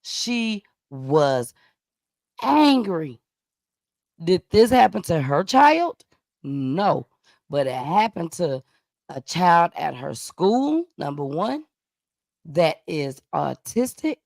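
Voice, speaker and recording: A woman's voice: fairly low pitch, sing-song, takes it slowly, vocal fry, darkish tone, no echo, clean studio sound. A woman hosting a live stream, giving casual, slangy commentary on news clips and talking directly to her audience.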